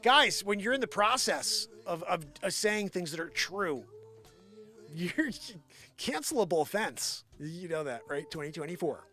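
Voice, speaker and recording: A man hosting a live stream, chatting and ranting in an excitable, profane way. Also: high voice, unhurried. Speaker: live show host. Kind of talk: live stream chat and rant. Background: faint background music.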